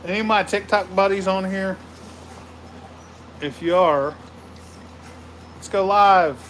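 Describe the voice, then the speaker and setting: Slow-talking, cussing livestream host man. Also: high voice, low-quality recording. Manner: profane, rambling, loud shout-outs. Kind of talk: casual livestream chat with viewers. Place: home man cave, indoors.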